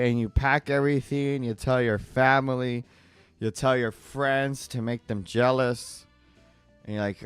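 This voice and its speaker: A man's voice: medium pitch, fairly even intonation, unhurried, long pauses, clear, resonant tone, dry recording, faint music behind. A man live-streaming as he draws, chatting casually in a rambling, digressive way and laughing often. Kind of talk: casual chat while drawing.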